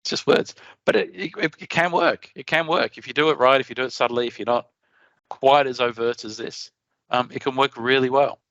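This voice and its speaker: An Australian man giving a conference talk, his voice gravelly yet bright and forceful. He is chatty and animated and often restarts his sentences. The recording is dry and a little dull. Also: mid-range voice, brisk, no echo. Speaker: conference presenter.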